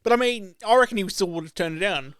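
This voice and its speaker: Rambling high-voiced man. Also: quick pace, fairly bright tone, smooth, dry recording, studio quality. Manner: rambling, swears often, laughs a lot. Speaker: podcast co-host. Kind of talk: casual chat.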